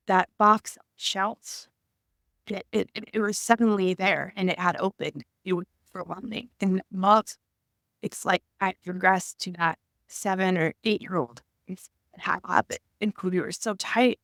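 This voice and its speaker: A woman in her thirties talking to camera about her own past, halting and emotional, often searching for words. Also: medium pitch, fairly bright tone, no room sound, studio quality. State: tearful at times. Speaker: vlogger. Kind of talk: personal reflective talk to camera.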